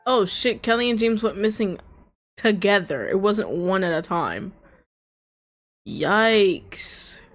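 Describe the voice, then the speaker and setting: A woman's voice: medium pitch, very animated, takes it slowly, faint music behind. A woman streaming visual novels, reacting with frequent laughter and swearing and reading the game's lines aloud. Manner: laughs often, swears freely, reacts loudly. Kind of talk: casual gameplay commentary, reading dialogue aloud.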